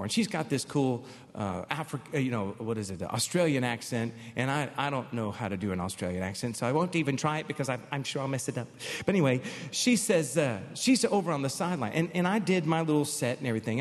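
A man preaching a sermon with emphatic, animated delivery and storytelling asides. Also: on the high side, in a large hall. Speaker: pastor.

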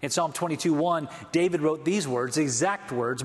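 A man's voice: a little high, moderate pace, few pauses, in a large hall. A man preaching a sermon as pastor, impassioned, often restarting his phrases.

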